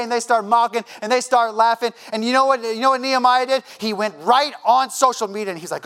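A man's voice: extremely high pitch, fast, few pauses, a bit bright, clean tone. A man preaching a sermon in a church, impassioned and conversational, acting out quoted voices and repeating himself as he presses his point. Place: church sanctuary.

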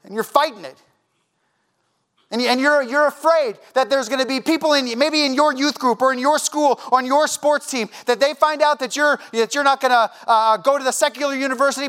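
A man's voice: very high voice, brisk, fairly bright tone. A man preaching a sermon in a church, impassioned and conversational, acting out quoted voices and repeating himself as he presses his point. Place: church sanctuary.

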